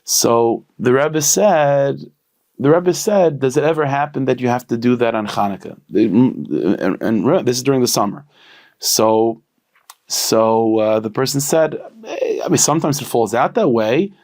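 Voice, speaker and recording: A man with a gravelly, creaky voice tells a story at a middle pitch. He talks in a loose, chatty way, full of "you know" and restarts, and lifts his voice when he quotes the people in the tale. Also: normal speed. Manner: conversational, many fillers and restarts, lively voiced quotes. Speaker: storyteller rabbi. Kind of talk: casual spoken storytelling.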